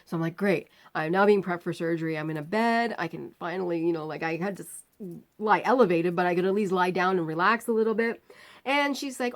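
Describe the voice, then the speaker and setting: A woman vlogger telling a personal story, acting out the people in it with lively, rising outbursts. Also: on the low side, a little fast. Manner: animated retelling, acting out quoted lines.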